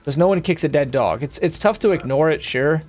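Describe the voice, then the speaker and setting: Young man, streamer, casual gaming rant, profane, rambling, slightly high voice, faint music behind. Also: lively intonation, brisk, darkish tone. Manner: profane, rambling, heated and emphatic. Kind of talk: casual rant while playing a game.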